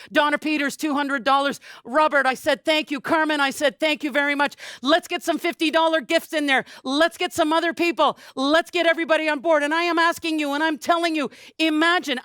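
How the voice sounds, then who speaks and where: A woman hosting a charity auction, giving an exuberant, booming fundraising pitch with playful asides. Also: fairly bright tone, dry recording, clean studio sound. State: a little out of breath. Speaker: charity auctioneer and event host.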